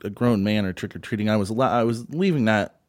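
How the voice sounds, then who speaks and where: A man hosting a comedy show, playing a patient straight man who calmly questions and corrects his guest. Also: on the low side, quick pace, no echo, clean studio sound. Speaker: host. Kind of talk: comedy podcast chat.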